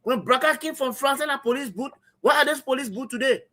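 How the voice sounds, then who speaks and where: A man's voice: very high-pitched, fast, bright, forceful tone. A man with a Liberian English accent giving impassioned political commentary on a streamed talk show, emphatic and repetitive. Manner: emphatic, repetitive, addresses co-host as brother. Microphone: streaming setup.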